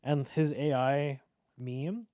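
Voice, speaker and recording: A man's voice: mid-range voice, slow pace, warm tone, dry recording, clean studio sound. A man co-hosting a podcast who tells stories playfully and acts out quotes as he goes. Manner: playful storytelling, acts out quotes, laughs often. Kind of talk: casual chat.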